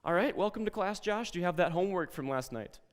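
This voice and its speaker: A man's voice: high-pitched, lively intonation, quick pace, in a large hall, voice pushed up. A man voicing a stern schoolteacher who scolds and complains in an exasperated tone. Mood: brisk.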